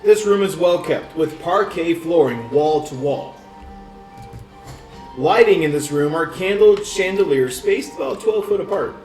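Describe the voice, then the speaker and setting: Game master, male, halting descriptive narration, roomy and distant with soft music. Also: a little high, animated. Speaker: dungeon master. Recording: echoey room, distant mic, faint music.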